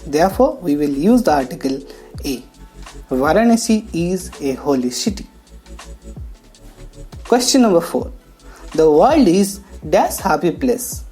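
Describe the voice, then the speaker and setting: A woman teaching English grammar, talking slowly and explaining each step with pauses. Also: on the low side, very animated, mellow. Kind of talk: classroom lesson narration. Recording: faint background music.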